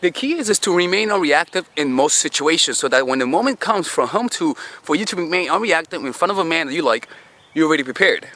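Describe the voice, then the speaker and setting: A man's voice: a little high, animated, fast talker, pushed and bright. A man giving dating advice in a casual monologue, talking in a conversational way with swearing and lots of rhetorical questions. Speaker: dating coach.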